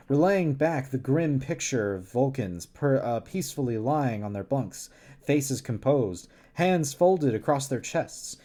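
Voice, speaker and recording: A man's voice: mid-range voice, warm tone. A man streaming a casual read-along of a novel, laughing often and stumbling over words. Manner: giggly, stumbles and restarts often. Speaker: streamer reading a novel aloud.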